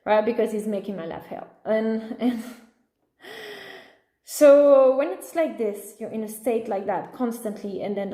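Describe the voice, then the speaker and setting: A woman, a mother, telling a lively casual story and acting out the lines of each person in it. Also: on the high side, measured pace. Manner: animated, acts out dialogue, laughs at herself. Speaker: mother and vlogger. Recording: roomy echo.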